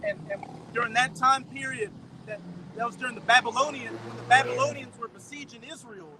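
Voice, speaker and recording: A man talking casually outdoors, animated as he explains scripture and old stories. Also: extremely high pitch, brisk, noisy background.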